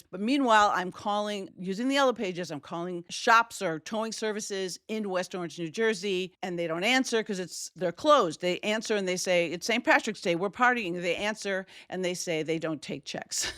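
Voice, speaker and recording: Woman storyteller, middle-aged, from Wisconsin; animated, plays the voices she quotes; medium pitch, dry recording. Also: no echo. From Wisconsin, USA. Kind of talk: personal storytelling.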